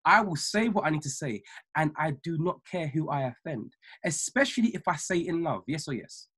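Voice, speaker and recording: A man with a husky, slightly breathy voice preaches over a video call. He speaks emphatically as a minister and mentor, repeating key lines slowly so listeners can take notes. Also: fairly high pitch, lively intonation, a bit bright. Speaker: ordained minister and trading mentor. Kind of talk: motivational talk on a weekly call.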